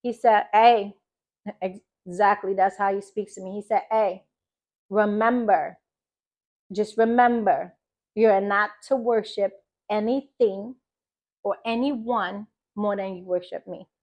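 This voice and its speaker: An American woman in her thirties tells a personal testimony of faith. She speaks in a mid-pitched voice, emphatic and animated, and acts out the words of the people in her story. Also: measured pace. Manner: expressive, emphatic, animated quoting of others. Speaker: faith podcast host.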